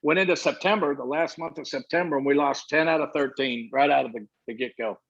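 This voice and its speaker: An older man telling baseball stories with lively energy, bouncing between voices as he acts out conversations. His voice sits a little high for a man, and the sound is muffled and lo-fi. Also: a little fast, vocal fry. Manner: animated storyteller acting out dialogue. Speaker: former baseball manager, guest. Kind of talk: storytelling interview answers. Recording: muffled lo-fi audio.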